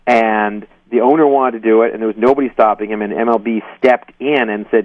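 A man on a tinny phone line, his voice sounding distant and dry as he works his way through each point haltingly, full of ums and you-knows. His voice sits low. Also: fairly even intonation, no echo. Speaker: guest journalist. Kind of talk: phone-in interview.

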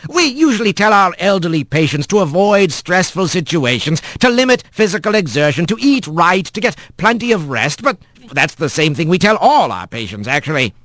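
A man voicing an older, gravelly-voiced male bird doctor who speaks in a measured, gruff, matter-of-fact way. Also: high-pitched, very animated, a bit bright, no echo, voice pushed up.

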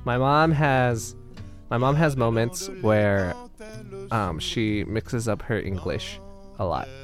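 A young man telling personal family stories on a podcast, animated and slipping into quoted voices. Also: mid-range voice, slow, music in the background. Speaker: storyteller.

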